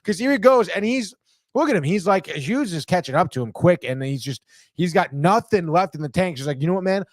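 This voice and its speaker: A man hosting a sports podcast, breaking down game highlights in an excitable, profane way and saying "dude" constantly. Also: brisk, dry recording, studio quality.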